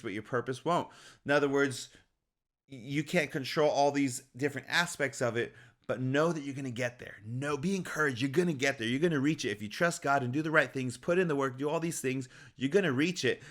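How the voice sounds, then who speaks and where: A man giving an encouraging, motivational faith talk, upbeat and quick to laugh. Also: mid-range voice, a bit bright. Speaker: faith speaker.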